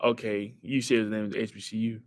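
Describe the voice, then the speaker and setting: A young man hosting a casual livestream, thinking aloud through quiz answers and talking back to his chat in an excitable way. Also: fairly low pitch, quick pace. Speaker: livestream host.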